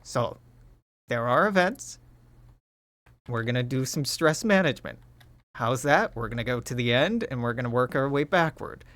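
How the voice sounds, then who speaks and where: A man rambling through a video game, talking through his choices, correcting himself and swearing. His voice is mid-pitched and sits close in a dry, dead room. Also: animated, moderate pace, pauses often, a bit bright, dry recording. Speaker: let's play host. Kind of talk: casual game commentary and read-aloud narration.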